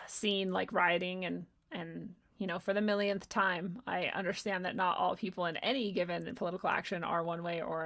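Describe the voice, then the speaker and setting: A young woman hosting a livestream, reading chat questions aloud and answering them in casual, profane, animated chat with frequent laughter. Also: on the low side, creaky.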